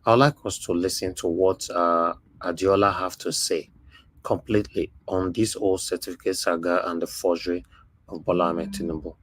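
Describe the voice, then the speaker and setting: A man hosts a live stream, lecturing his audience and thanking viewers by name. His voice sits fairly low and sounds dry and close. He keeps calling them his people. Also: steady tone, moderate pace, a bit bright, dry recording. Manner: preachy, addresses viewers as "my people". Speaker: livestream host.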